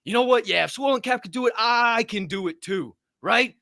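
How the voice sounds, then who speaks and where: A man co-hosting a podcast, ranting with passion and lots of swearing, his voice swinging from loud bursts to low mutters. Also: a little fast, gravelly, dry recording, studio quality. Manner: profane, heated, swings loud and soft. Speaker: podcast co-host. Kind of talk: fired-up motivational rant.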